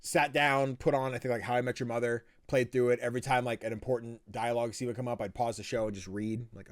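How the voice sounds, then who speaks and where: A young man hosting a podcast, chatting casually and acting out quotes in lively voices. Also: mid-range voice, fast, few pauses. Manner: animated, quotes himself and others in lively voices. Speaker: podcast host. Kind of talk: casual chat.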